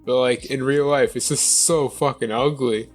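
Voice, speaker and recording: A man's voice: medium pitch, steady tone, moderate pace, faint music behind. A man co-hosting a gaming podcast, talking casually and stumbling over repeated words. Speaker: podcast co-host. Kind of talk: casual chat.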